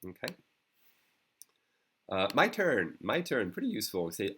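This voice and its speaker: A man's voice: sits low, sing-song, moderate pace, pauses often, a bit bright, husky. French-accented man teaching a language. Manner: explanatory, checks in often with "okay" and "d'accord". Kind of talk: online language lesson.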